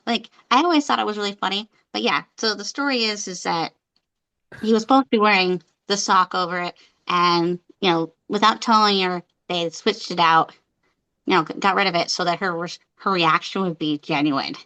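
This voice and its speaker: A woman with a bright, sharp-edged voice chats as a podcast guest. She talks in a wandering, offhand way and lets her thoughts trail off. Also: medium pitch, normal speed, rough recording. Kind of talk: casual film-discussion chat.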